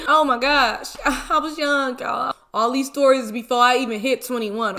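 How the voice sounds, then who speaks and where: A woman in her twenties telling a story casually while eating, animated and full of slang and exclamations. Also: high voice, a little fast, few pauses. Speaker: mukbang vlogger.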